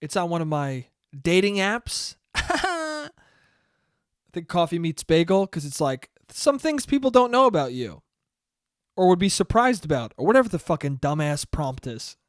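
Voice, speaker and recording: A man's voice: sits high, very animated, moderate pace, clean tone, dry recording, clean studio sound. A young man hosting a solo podcast in a casual, rambling, profane and self-deprecating way. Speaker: podcast host.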